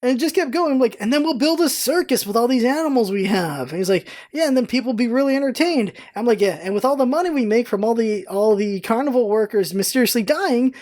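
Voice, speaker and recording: High-voiced woman telling a lively story. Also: fast, hardly any pauses. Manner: animated, acts out quoted lines in a raised voice. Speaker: vlogger. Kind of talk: casual storytelling vlog.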